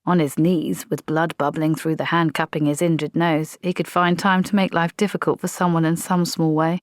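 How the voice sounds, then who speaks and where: A woman narrating a comic fantasy audiobook in a dry, measured storytelling manner. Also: deep voice, level tone, no room sound.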